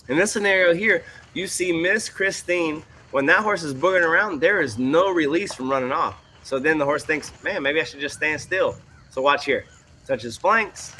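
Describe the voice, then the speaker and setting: A man who trains horses, commenting on student videos in a folksy, animated way. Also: fairly high pitch, slight background noise. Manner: folksy, animated, puts on voices for quoted people and horses.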